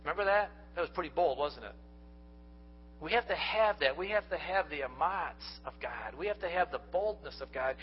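A fairly high-pitched, expressive pastor preaches at a quick pace, speaking with sincerity straight to his congregation and sharing folksy anecdotes. The lo-fi recording is dull, with a slight hiss or hum.

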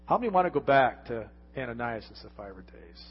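A man preaching a conversational sermon as pastor, his voice swinging from loud emphasis down to hushed lines. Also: mid-range voice, very animated, brisk, husky. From United States. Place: church sanctuary. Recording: lo-fi church recording with long reverb and faint music.

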